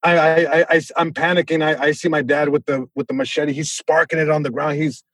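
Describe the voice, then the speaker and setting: A male comedian guest telling a story in an animated way, with many restarts and sound effects. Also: on the high side, a little fast, no room sound.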